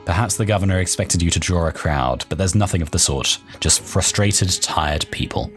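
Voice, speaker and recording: Young man, let's play host, very low voice, chatty and amused, soft game music behind. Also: normal speed. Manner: chatty, amused, thinking aloud. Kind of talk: let's play commentary and reading game text aloud. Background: faint game soundtrack.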